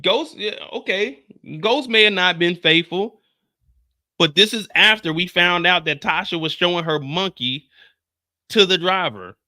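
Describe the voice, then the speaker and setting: A man hosting a live stream, recapping a TV episode in animated, profane, blunt commentary. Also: high-pitched, unhurried. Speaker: TV show recap host.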